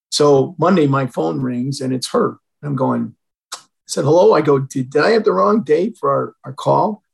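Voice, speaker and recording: A man's voice: medium pitch, creaky, husky, rough recording. An older man from Illinois, a retired fire chief, telling a personal story as a podcast guest and acting out the dialogue. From Illinois, USA. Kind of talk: storytelling in an interview.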